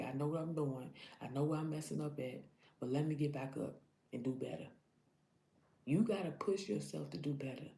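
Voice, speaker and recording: Gravelly-voiced earnest woman in her thirties. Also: low-pitched, dark tone, reverberant. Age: 30s. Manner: earnest, preachy, repeats "listen to me". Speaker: vlogger. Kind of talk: motivational talk.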